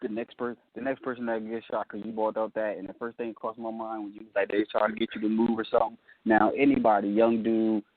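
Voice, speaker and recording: A man on a casual radio talk show making a point fast and emphatically, stacking up examples. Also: on the low side, flat delivery, no room sound. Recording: dry tinny phone-like sound.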